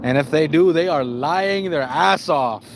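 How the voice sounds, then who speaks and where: A young man live-streaming, retelling videos in a profane, animated, slangy way, full of stammered restarts. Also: a little high, a little slow, a little hiss or hum. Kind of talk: casual live-stream storytelling.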